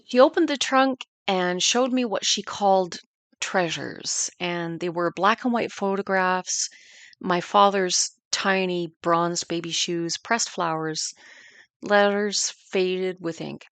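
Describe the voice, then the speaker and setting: Gravelly low-voiced woman narrator. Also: slow, a bit bright, no room sound. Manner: earnest, reflective storytelling. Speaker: podcast narrator. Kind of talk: scripted history narration.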